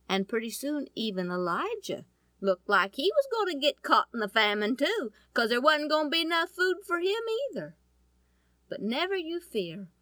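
Lady telling a bible story, folksy, bright lively voice, dry close sound. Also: a little high, no echo. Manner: folksy, animated, asks listeners questions. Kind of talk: storytelling to an audience.

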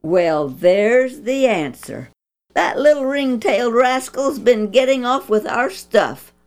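Woman reading as a strict country mom, emphatic, lively pitch. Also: slow pace, soft background music. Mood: amused. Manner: emphatic, scolding. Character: stern country mother, scolding then warm.

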